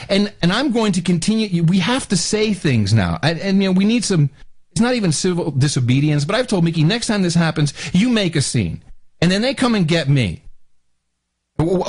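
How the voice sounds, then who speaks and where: Middle-aged male ranter, slightly high voice, swooping delivery, mocks officials loudly. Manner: angry, mimics officials in loud barking voices. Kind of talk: casual ranting monologue.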